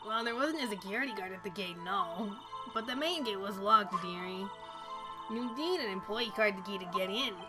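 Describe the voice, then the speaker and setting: A woman's voice: medium pitch, animated, normal speed, close to an everyday voice. A woman voicing a chatty, nosy old woman security guard who drawls and calls everyone dearie. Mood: gossipy. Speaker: streamer reading game dialogue. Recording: game music behind.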